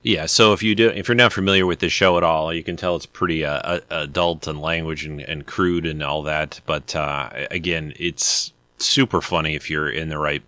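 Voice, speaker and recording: A man's voice: extremely low pitch, fairly even intonation, normal speed, hardly any pauses, pushed and bright, dry recording. A man hosting a casual video, introducing clips in a rambling, hesitant way. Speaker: video host. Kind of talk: casual commentary.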